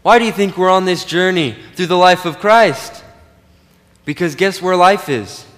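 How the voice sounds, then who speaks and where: A pastor preaching a sermon, swinging from loud emphatic peaks to quiet low asides. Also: male voice, normal speed, long reverb tail.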